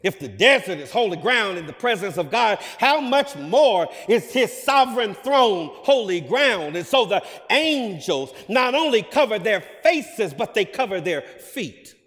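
A male preacher delivering a sermon, building to loud, emphatic declarations. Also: sits high, very animated, unhurried, hardly any pauses. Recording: long hall reverb.

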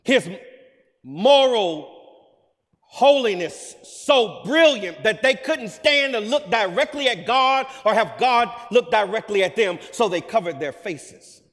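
An emphatic male preacher with a high voice, delivering a sermon that swells into loud, ringing declarations. The sound trails off in the long reverb of a large hall. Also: lively intonation, takes it slowly.

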